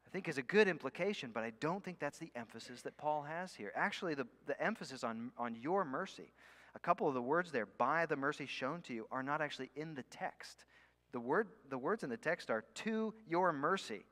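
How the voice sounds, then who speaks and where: A man preaching a sermon. He leans hard on key words, slows right down on them, and sometimes drops almost to a whisper. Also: a little high, animated, a bit bright. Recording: long hall reverb.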